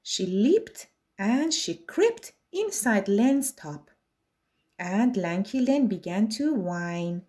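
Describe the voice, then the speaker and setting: A woman's voice: medium pitch, very animated, slow, dark tone. A woman reading a rhyming children's picture book aloud in a sing-song way. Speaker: storyteller.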